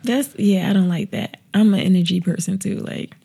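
A young woman, a stand-up comedian, chatting casually and reacting with lively laughter. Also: medium pitch, gravelly, slightly rough. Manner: animated, reactive, quick to laugh. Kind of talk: casual chat.

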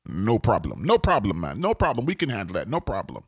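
A man's voice: lowish voice, huge pitch swings, fairly quick, husky, dry recording, clean studio sound, exaggerated voice. A man voicing a breezy, overconfident male contractor with a Jamaican accent, shrugging everything off as no problem. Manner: laid-back, repeats "no problem".

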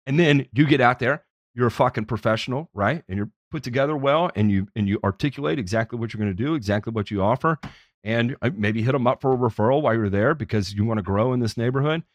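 A man hosting a podcast, telling stories in a casual, profane and animated way. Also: mid-range voice, fast, no room sound.

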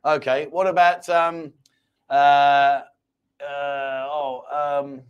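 A man's voice: a little high, flat delivery, extremely slow, pauses often, smooth, muffled recording. A man hosting a casual live-stream chat show from a small home studio, jokey and rambling as he reads out viewer comments. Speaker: host.

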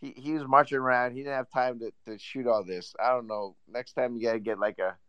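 A man's voice: medium pitch, a little fast, smooth, no room sound, highs cut off. A man hosting a casual chat, telling a story with lots of laughter. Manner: animated storyteller, laughs often.

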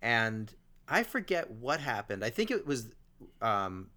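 A man's voice: mid-range voice, sing-song, measured pace, pushed and bright. A man telling a long story in casual chat, rambling along with fillers and restarts.

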